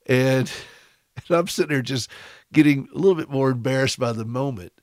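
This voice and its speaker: A man's voice: mid-range voice, normal speed, darkish tone, no echo. Radio host, man from the US, mid-range voice, dry studio sound, rambling storyteller who chuckles at himself. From United States. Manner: chatty and self-deprecating, stumbles and restarts, chuckles while telling stories. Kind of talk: radio talk, personal storytelling. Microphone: studio broadcast microphone.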